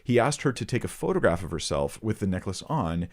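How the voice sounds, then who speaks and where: A man's voice: sits low, big pitch swings, a little fast, a little mellow. A man hosting a ministry channel, reading a report aloud and stopping to comment earnestly to his viewers. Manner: earnest, addresses viewers directly. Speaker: host of a Christian ministry channel.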